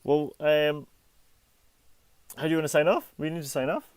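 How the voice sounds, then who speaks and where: A man's voice: a little high, steady tone, moderate pace, a little mellow, clean tone. A man in his thirties from the UK, co-hosting a casual podcast, joking and teasing with lots of laughter. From United Kingdom. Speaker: podcast co-host.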